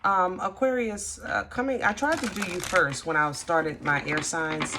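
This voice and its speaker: Low-voiced woman giving a tarot reading. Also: noisy background. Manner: halting, restarts a lot, soft and reassuring. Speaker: tarot reader. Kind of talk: casual tarot reading to camera.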